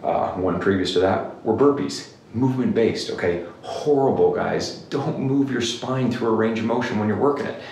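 A male clinician talks straight to camera in an emphatic, repetitive rant about exercise. His low voice has a gravelly edge. He sits back from the mic in a very echoey room with faint background noise. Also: normal speed, few pauses, a little mellow, far from the mic. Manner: emphatic, repeats "okay?" often. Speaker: clinician giving exercise advice. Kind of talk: direct-to-camera rant video.

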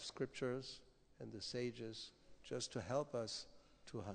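Gravelly-voiced man lecturing in a hall. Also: medium pitch, a little mellow. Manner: checks in with listeners through rhetorical asides. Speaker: spiritual teacher giving a scripture class. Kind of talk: conversational scripture lecture. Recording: hall reverb.

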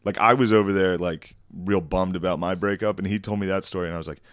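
Deep-voiced man in dry casual banter. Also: steady tone, fast, dry recording. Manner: laid-back, jokey banter, swears freely. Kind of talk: casual chat.

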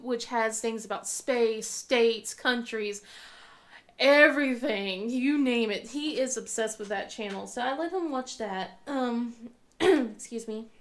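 A young woman chatting casually to camera at home, rambling with restarts and laughs. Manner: acts out her young son's lines in a high voice. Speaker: crafting vlogger. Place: at home on the couch.

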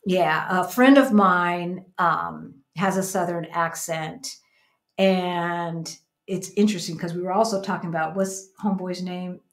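A woman's voice: fairly low pitch, steady tone, unhurried. An American woman in her fifties, co-hosting a casual livestream chat and telling stories in a reflective way. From United States. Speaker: livestream co-host. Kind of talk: casual chat, reading viewer comments.

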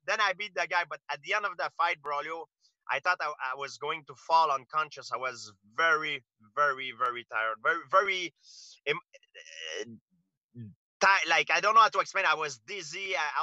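A man's voice: on the high side, normal speed, pushed and bright, dry recording, lo-fi sound. Earnest man. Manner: earnest storytelling with frequent restarts. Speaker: interview guest, fighter. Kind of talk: casual interview talk.

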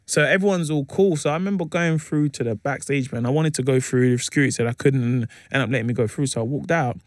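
A man, a comedian chatting as a radio guest and telling lively anecdotes with plenty of slang fillers. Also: mid-range voice, fast talker, no room sound, studio quality. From England. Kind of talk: casual interview chat, animated storytelling. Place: radio studio. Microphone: studio microphone.

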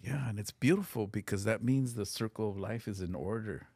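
A middle-aged man with a very low, gravelly voice tells a personal story in an earnest, casual way. He drops in Spanish phrases and swears freely, and his husky tone sits in a dry, close space. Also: fairly quick, dark tone, no room sound. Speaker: podcast guest.

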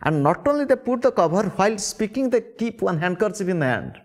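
An Indian-accented man delivers a spiritual sermon in a somewhat higher voice. He repeats key words for emphasis and questions his listeners directly. He sounds middle-aged and earnest. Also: very animated, a little fast. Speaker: spiritual teacher.

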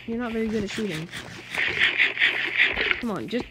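A woman's voice: a little high, moderate pace, heavy background noise. A woman hosting a channel, giving casual running commentary on her game and pleading with the creatures on screen. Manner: chatty, exasperated, talks to game mobs. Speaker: gaming channel host.

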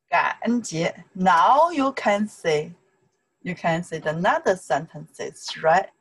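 A woman with a Chinese accent teaching an online lesson, drilling syllables slowly and checking in with "okay?" again and again. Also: on the low side, expressive, a little hiss or hum, rough recording.

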